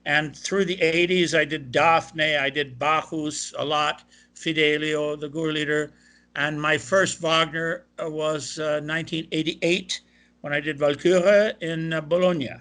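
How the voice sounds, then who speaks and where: Bright older man recounting stories. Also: fairly high pitch, measured pace. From Ohio, USA. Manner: animated anecdotal, quoting others. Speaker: guest, opera tenor. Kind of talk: interview storytelling.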